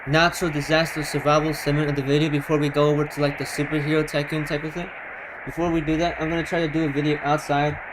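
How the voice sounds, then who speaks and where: A man talking casually on a live stream while gaming, in a loud, projecting voice, often repeating himself for emphasis. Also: fairly high pitch, background noise.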